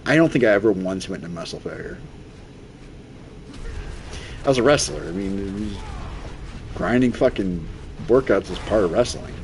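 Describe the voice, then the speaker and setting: A man's voice: fairly low pitch, expressive, moderate pace, long pauses, slight background noise. A young man streaming a game, rambling through loose, profane stories in casual chat. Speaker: gaming streamer. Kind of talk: casual storytelling chat while gaming.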